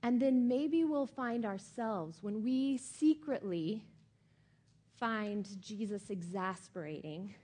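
Middle-aged woman pastor, chatty and emphatic sermon, higher voice, unhurried delivery. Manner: animated, emphatic, conversational with many fillers.

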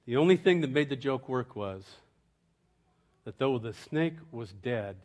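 A middle-aged man preaching a sermon, his voice rising loud and ringing on key lines and then dropping low and confiding for a story. He chuckles through his anecdotes and keeps the delivery lively and animated. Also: a little slow. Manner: swings from soaring emphatic proclamation to hushed, chuckling storytelling. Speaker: pastor.

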